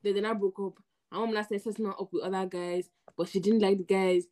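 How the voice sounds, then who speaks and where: A young Nigerian woman co-hosting a casual podcast chat, telling stories in a relaxed way with pidgin words mixed in. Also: mid-range voice, fairly quick. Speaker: podcast co-host.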